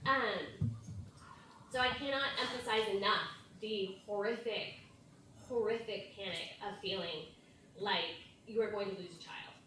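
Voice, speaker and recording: A woman's voice: mid-range voice, a little slow, bright, forceful tone, slight background noise. A mother in her thirties telling a personal story in a conversational sermon, full of "like" and "right?". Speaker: youth ministry speaker. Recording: echoey hall from far off, faint ambience.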